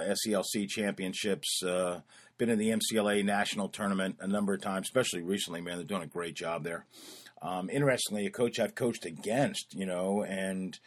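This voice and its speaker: A man with a fairly low voice hosts a podcast and introduces an upcoming clip. He talks loosely and casually, filling his pauses with "uh" and "um" as he wanders through his thoughts. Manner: rambling, filler-heavy with frequent "uh" and "um". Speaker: podcast host.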